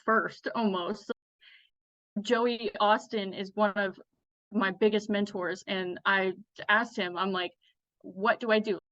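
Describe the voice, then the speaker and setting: A young woman guest telling her story in a casual interview, blunt and energetic, laughing often and close to tears. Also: mid-range voice, no room sound, lo-fi sound. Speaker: guest, clothing designer.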